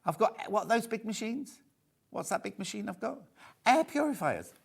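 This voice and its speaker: A man with a fairly high voice hosts a live television shopping show. He talks in a chatty, camp and jokey way. He also reads out viewer messages as he goes. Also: big pitch swings, moderate pace, vocal fry, breathy edge. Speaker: shopping channel presenter.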